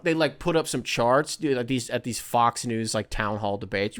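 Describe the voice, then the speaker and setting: Guy hosting his own podcast, clear smooth voice, rambling sarcastic rant, swears a lot. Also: lowish voice, steady tone, a little fast, hardly any pauses, fairly bright tone. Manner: sarcastic, profane, rambling with mocking impressions. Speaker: podcast host. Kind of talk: casual solo rant.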